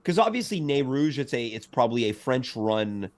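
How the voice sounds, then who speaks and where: Teasing man with a lively voice. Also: mid-range voice, moderate pace. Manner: teasing, joking. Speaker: co-host. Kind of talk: casual chat. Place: home.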